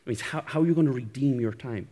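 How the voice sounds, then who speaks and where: A man's voice: medium pitch, fast, dark tone. A male pastor giving a sermon in a conversational, self-deprecating way, often chuckling. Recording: echoey hall reverb.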